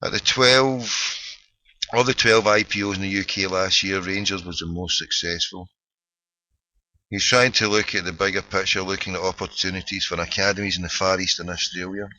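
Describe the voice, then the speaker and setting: This is a low-voiced, middle-aged man with a Glaswegian Scottish accent, talking a little fast in a flat yet pushed, bright way as he hosts a phone-in podcast. Swearing freely, he rants sarcastically through casual solo commentary, and the audio is dull with no room sound.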